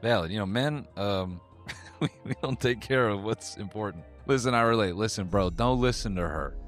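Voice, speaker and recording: A man's voice: fairly low pitch, moderate pace, a bit bright, soft background music. A man giving comedic reaction commentary, joking and laughing with casual swearing. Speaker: commentary host.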